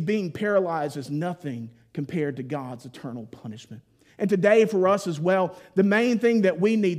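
A man preaching a sermon, telling the story in a folksy, playful way with voiced asides, then dropping to a hushed, solemn tone at key points. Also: sits high.

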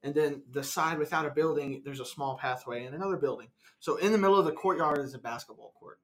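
A young man co-hosting a podcast, telling a high school story in a relaxed, steady way. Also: fast talker. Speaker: podcast co-host. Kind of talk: casual chat.

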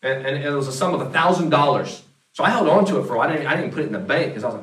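A man's voice: medium pitch, very fast, a bit bright, a little hiss or hum. Man preaching in an echoey church. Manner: conversational preaching with repeated restarts. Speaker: pastor. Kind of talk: sermon. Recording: echoey room, mic at a distance.

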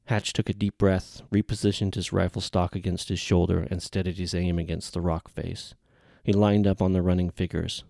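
A man narrating an audiobook in a steady, even reading. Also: sits low, moderate pace, creaky, no echo, clean studio sound.

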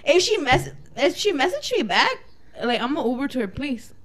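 A woman co-hosting a casual chat, animated and quick to laugh, swearing freely. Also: sits high, a loud crowd. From Cuba.

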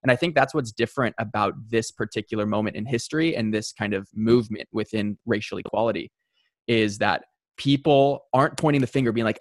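A man's voice: fairly low pitch, a little fast, dry recording, clean studio sound. A young man hosting a casual conversation, reflective and hesitant, often repeating words as he thinks. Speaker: podcast host.

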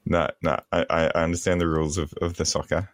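A man co-hosting a podcast in casual chat, halting and restarting, often giggling. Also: sits low, little pitch movement, dry recording. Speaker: podcast co-host. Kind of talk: casual banter.

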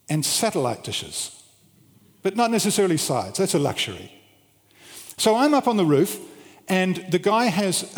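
Middle-aged male preacher in a reverberant hall. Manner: animated storyteller with big swings in pitch and loudness. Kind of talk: storytelling sermon. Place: large hall with an audience.

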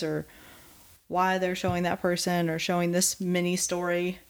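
Woman, podcast co-host, lower voice, emphatic and ranting. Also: level tone, moderate pace, clear, resonant tone. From American South. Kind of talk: casual chat reviewing a TV series.

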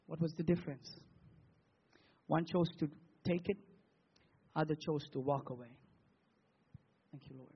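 A man preaching a sermon as pastor, posing rhetorical questions with emphatic pauses. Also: a little high, fairly even intonation, husky, highs cut off.

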